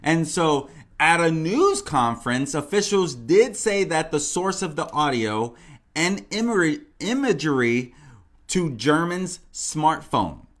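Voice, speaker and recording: This true crime channel host has a fairly high, slightly bright voice and speaks at a measured pace while staying very animated. His casual commentary rambles and repeats itself, packed with fillers like "you know" and "like."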